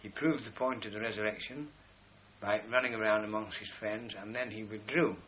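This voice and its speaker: A man giving a spoken lecture in a measured, explanatory way, slowing down to stress key words as he points to drawings. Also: lowish voice, fairly even intonation, dull audio, a little hiss or hum.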